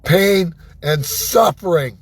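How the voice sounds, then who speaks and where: A man's voice: high voice, takes it slowly, husky, no room sound. An older man talking in an agitated personal monologue, swearing and asking "right?" again and again. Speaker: vlogger.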